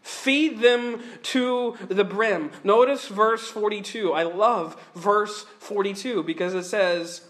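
A man preaching a sermon, earnest and animated, often repeating words as he goes. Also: high voice, takes it slowly, hardly any pauses.

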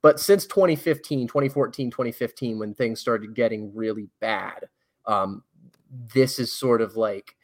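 A man's voice: mid-range voice, moderate pace. A man talking casually on a podcast, rambling and correcting himself, blunt and swearing. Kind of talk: casual conversation.

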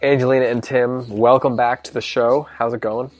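A man's voice: medium pitch, level tone, normal speed, no room sound. A man hosting a podcast from a hotel room, chatting casually and joking, speaking through wired earbuds. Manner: joking, chatty, with filler words. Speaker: podcast host. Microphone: wired earbud headset.

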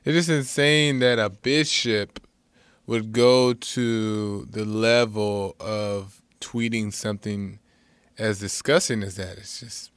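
A man's voice: lowish voice, steady tone, slow pace, clear, resonant tone, no room sound. A man joining a talk show as a co-host, chatting casually and searching for his words. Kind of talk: casual chat.

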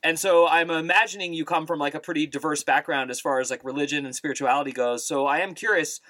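A man hosting an interview, asking relaxed questions with hesitant fillers. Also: fairly high pitch, quick pace, no room sound. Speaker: podcast host.

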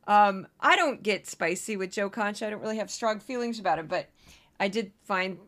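A woman hosting a podcast in a loose, chatty style. Her voice is bright and forward, and she sprinkles laughs and quick asides between her points. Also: mid-range voice. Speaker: podcast host. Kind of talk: casual commentary.

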